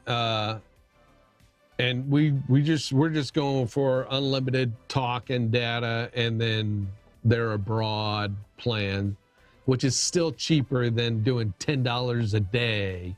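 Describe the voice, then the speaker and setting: Slow, easygoing middle-aged male streamer. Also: medium pitch, steady tone, soft background music. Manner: rambling, self-deprecating, many restarts. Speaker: livestream host. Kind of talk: casual livestream chat.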